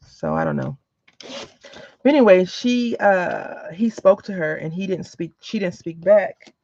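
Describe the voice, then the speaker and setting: A woman's voice: lowish voice, wildly swooping pitch, a little slow, a little mellow, no room sound. A woman with a chatty, rambling way of talking, telling anecdotes while she works on a craft project in a casual vlog. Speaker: crafting vlogger. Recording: dull lo-fi recording.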